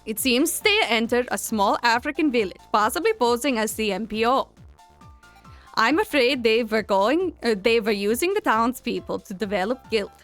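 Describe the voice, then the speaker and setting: A formal official delivers a grave briefing in a put-on accent, as a woman voices him. The reading is slow and deliberate. The voice sits fairly high. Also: expressive, a bit bright, soft background music.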